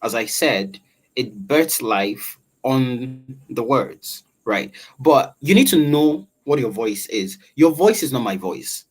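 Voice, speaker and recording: A man, a voice-over artist, explaining voice training in an interview with a velvety, animated delivery and frequent questions to the listener. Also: mid-range voice, takes it slowly, slightly rough.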